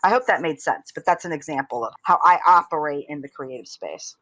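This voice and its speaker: Chatty woman guest with a lowish voice. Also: fairly quick, no echo, rough recording. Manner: animated, chatty, tells long anecdotes with asides. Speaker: guest, filmmaker and author. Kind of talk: casual interview storytelling.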